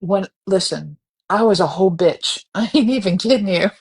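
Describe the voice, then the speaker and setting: A woman telling a story casually on a live stream, animated and profane. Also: mid-range voice, normal speed, slightly rough. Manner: animated, profane, breaks into screaming reenactments.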